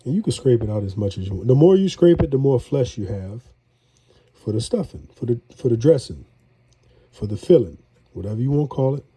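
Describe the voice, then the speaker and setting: A congested man with a New drawl talks viewers through his cooking in a loose, folksy ramble. His voice is very dark and a touch husky. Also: mid-range voice, animated, brisk. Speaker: home cook. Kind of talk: casual cooking vlog.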